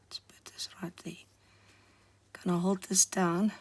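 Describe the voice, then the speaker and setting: A woman talking softly to the camera while she decorates a journal cover, often dropping to a murmur or whisper as she works, her voice still hoarse. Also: fairly low pitch, flat delivery, unhurried. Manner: soft-spoken, murmuring while working, frequent near-whispers. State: hoarse, recovering voice. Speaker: craft vlogger. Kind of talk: casual crafting commentary.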